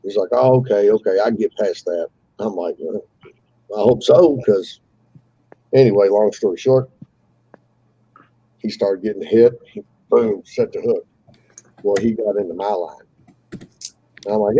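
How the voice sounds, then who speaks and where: A man's voice: on the low side, unhurried, pauses often, warm tone, slightly rough, dull audio. A man telling a fishing story on a live call, casually and with animation, swearing freely and acting out the voices of the people he quotes.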